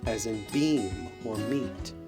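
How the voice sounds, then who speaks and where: A man narrating a documentary in a measured, explanatory way. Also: fairly low pitch, music in the background.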